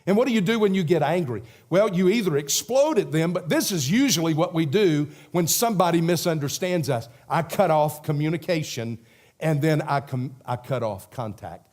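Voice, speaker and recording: A man's voice: on the high side, lively intonation, moderate pace, darkish tone. A middle-aged male pastor preaching a sermon in a conversational way, acting out the voices of people in the story.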